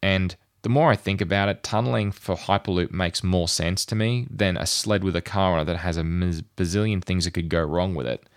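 A man with a deep voice and a gravelly edge talks through his thoughts on a podcast. He rambles casually and loads his sentences with fillers. The recording is close and dry. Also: brisk, few pauses, dry recording. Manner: rambling, thinking aloud with many fillers. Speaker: podcast host. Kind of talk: casual chat.

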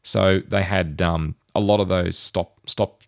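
Low gravelly man rambling. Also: steady tone, a little slow, dry recording, clean studio sound. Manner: rambling, thinking aloud with many fillers. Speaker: podcast host. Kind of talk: casual chat.

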